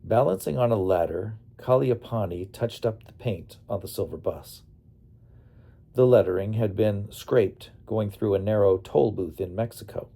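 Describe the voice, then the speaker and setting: In a plain storytelling manner, a man narrates his memoir with a low, mellow, soft-edged, creaky voice. His tone stays steady and unhurried throughout.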